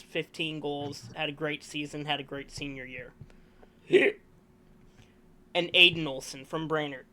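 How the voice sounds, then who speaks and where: On a laid-back sports review, this co-host presents the awards, hiccuping through the list of finalists and rambling, correcting himself, and gushing about the players. He speaks with a fairly high, somewhat bright voice.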